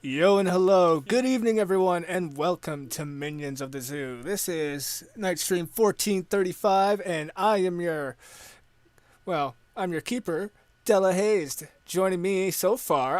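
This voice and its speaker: A man's voice: high voice, unhurried, dry recording. A Canadian man hosting a casual stream chat, rambling and joking with lots of filler words. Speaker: podcast host.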